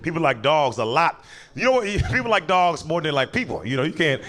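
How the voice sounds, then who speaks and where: A man's voice: fairly high pitch, big pitch swings, brisk, a bit bright, a little hiss or hum. A young man doing stand-up comedy, telling stories in a loose, conversational way and laughing often. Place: comedy stage with audience.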